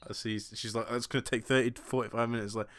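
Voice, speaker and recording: A man's voice: mid-range voice, flat delivery, fast, fairly bright tone. A young British man co-hosting a casual podcast. He tells stories about his own awkward moments in a rambling way and laughs at himself often. He keeps the tone loose and chatty. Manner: rambling, self-deprecating storytelling with frequent laughs. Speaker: podcast co-host. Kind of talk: casual chat.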